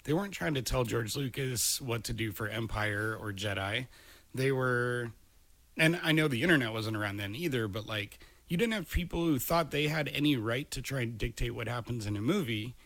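Podcast co-host, male, mid-pitched voice, dry close mic, blunt and profane. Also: lively intonation, moderate pace, fairly bright tone, no echo. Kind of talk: casual chat. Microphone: studio microphone.

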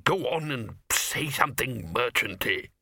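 A man voicing a practical male wizard who talks in hushed, urgent tones. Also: medium pitch, lively intonation, measured pace, creaky, breathy edge, no echo, exaggerated voice. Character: sensible male wizard, chair of a faculty.

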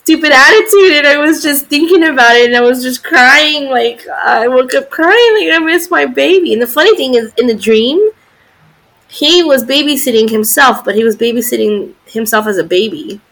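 A middle-aged woman chatting casually on a podcast. She talks in a loose, sympathetic way with plenty of fillers, and her voice sits a bit high. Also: animated, moderate pace, fairly bright tone. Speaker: podcast co-host. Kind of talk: casual chat.

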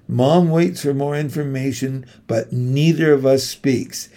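A man giving a measured, steady first-person audiobook narration. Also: medium pitch, vocal fry.

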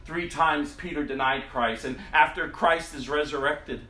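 A man preaching a sermon, acting out scripture with big swings from loud to hushed. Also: on the high side, a little slow, reverberant.

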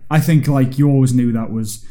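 A man's voice: mid-range voice, brisk, warm tone. A young man, co-host of a podcast, chatting casually and reflectively, often restarting his sentences. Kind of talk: casual chat.

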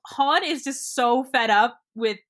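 Bright-voiced woman recapping a film. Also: on the high side, takes it slowly. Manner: animated storytelling, laughs often. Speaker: podcast co-host. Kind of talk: casual chat recapping a film.

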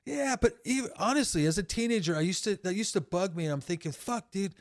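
A man in his fifties, a podcast guest spinning loose, profane stories in casual chat. His voice sits a bit high for a man, and the sound is close and dry. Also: lively intonation, quick pace, no echo. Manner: profane, rambling storyteller.

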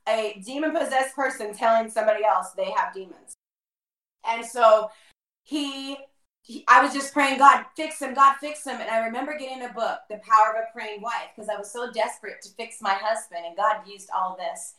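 A middle-aged woman telling her personal testimony as a guest, animated and acting out the dialogue she quotes. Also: fairly high pitch, normal speed. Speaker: guest, former worship leader. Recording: roomy echo, mic far off.

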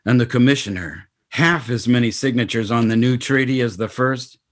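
A man's voice: mid-range voice, normal speed. A man narrating a spoken-word story in terse, poetic fragments.

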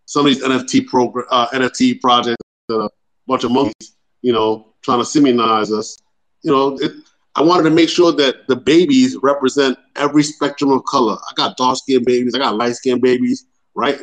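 Founder type, earnest man, speaks haltingly while making his case. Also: medium pitch, fairly bright tone, rough recording. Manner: earnest, with many hesitations. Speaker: project founder. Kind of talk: casual explanatory talk.

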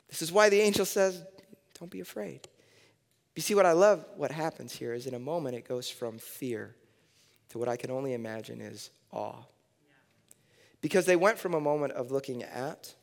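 Guy pastor preaching, loud then real quiet, kinda high voice, echoey church. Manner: lively storyteller, swings from loud to hushed. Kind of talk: sermon with a personal story.

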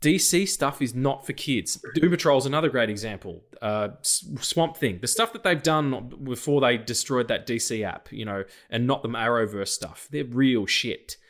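A man co-hosting a film podcast, casual and sweary, joking and bursting into loud outcries. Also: mid-range voice, moderate pace, few pauses. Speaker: podcast co-host.

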